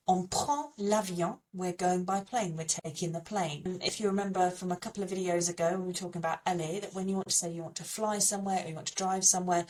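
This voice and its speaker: A woman presenting a language lesson as a French teacher, explaining patiently and repeating French words slowly to model how they sound. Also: medium pitch, distant mic.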